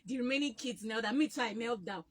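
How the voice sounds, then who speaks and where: A young Nigerian woman telling childhood stories in a casual chat, animated and laughing often. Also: fairly high pitch, quick pace.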